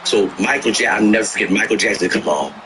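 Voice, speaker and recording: A man telling stories in casual chat, animated, acting out the people he quotes and swearing freely. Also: on the low side, fast, noisy background. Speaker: livestream host telling stories. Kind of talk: casual storytelling.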